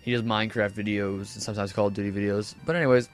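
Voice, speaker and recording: A man's voice: on the low side, steady tone, racing, soft background music. A teenage boy casually telling a rambling story over gameplay commentary, full of fillers and self-corrections. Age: teens. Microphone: desk microphone.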